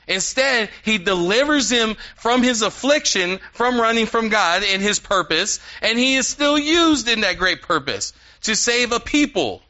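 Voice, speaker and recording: Male preacher, animated conversational sermon, high voice, dull lo-fi recording. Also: moderate pace, hardly any pauses. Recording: dull lo-fi sound.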